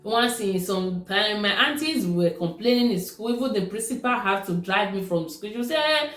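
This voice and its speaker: A woman's voice: medium pitch, normal speed, fairly bright tone. Nigerian woman, casual storytelling, roomy echo, faint music behind. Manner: conversational, repeats herself. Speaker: vlogger. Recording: echoey room with faint music.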